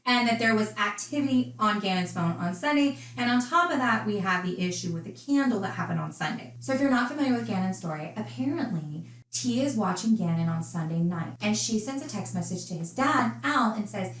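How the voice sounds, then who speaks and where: A woman's voice: mid-range voice, lively intonation, brisk, fairly bright tone, reverberant, rough recording. A woman casually recounting a true crime case, chatty and indignant in her asides.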